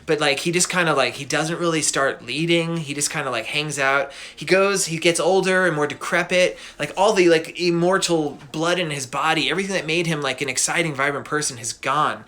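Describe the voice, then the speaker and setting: Animated, bright-voiced male storyteller. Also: on the high side, a little fast, hardly any pauses. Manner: animated, slangy, laughing asides. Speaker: podcast host, storyteller. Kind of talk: casual myth storytelling.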